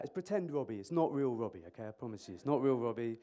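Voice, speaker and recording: An emergency clinician with a medium-pitched voice talks fast in a conference hall, using a microphone. It's an interactive conference talk, animated and jokey, with him quizzing the crowd.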